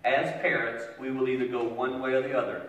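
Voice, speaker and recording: A middle-aged man giving a humorous storytelling sermon on parenting, animated and swinging from loud punchlines to hushed asides. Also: fairly quick. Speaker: speaker on parenting. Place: large hall with an audience. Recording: booming echoey hall from far off, with ambient noise.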